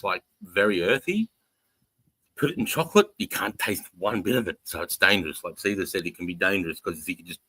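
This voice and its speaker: A middle-aged man, hosting a live show and telling a profane, animated story full of acted-out quotes. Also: fairly low pitch, no room sound. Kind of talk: casual storytelling.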